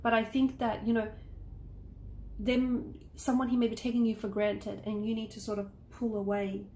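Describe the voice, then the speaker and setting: A woman's voice: a little high, flat delivery, normal speed, mellow. A woman giving a casual tarot reading, rambling and reassuring, checking in often with the listener. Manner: rambling, reassuring, frequent "okay?" check-ins. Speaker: tarot reader. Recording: echoey room with faint noise.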